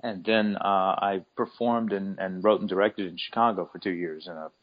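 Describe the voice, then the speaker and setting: A middle-aged man from Alabama, low-pitched, telling anecdotes in a relaxed interview. He stammers and restarts often, and the recording sounds a little dull. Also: normal speed. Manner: storytelling, many stammered restarts. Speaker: guest, children's author. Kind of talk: casual interview chat.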